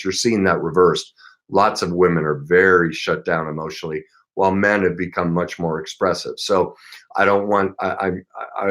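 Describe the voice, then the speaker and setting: A middle-aged relationship coach talks to camera, giving advice earnestly and with emphasis, occasionally acting out short sample exchanges. His voice is deep and a bit bright.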